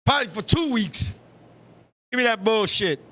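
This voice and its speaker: A middle-aged man hosting a live talk show, telling stories in a loud, profane, animated way. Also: high-pitched, normal speed. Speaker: show host. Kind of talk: live casual chat.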